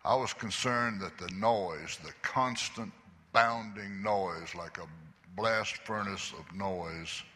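Slow, earnest older man. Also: on the low side, bright, forceful tone. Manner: earnest, confessional storytelling. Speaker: guest speaker giving testimony. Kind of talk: church testimony. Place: church. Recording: echoey church hall.

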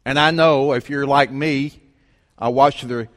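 A man preaching, telling a story in an animated way and acting out the voices of the people in it. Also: mid-range voice, measured pace. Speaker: pastor. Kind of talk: sermon storytelling. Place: church sanctuary. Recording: long reverb of a large hall.

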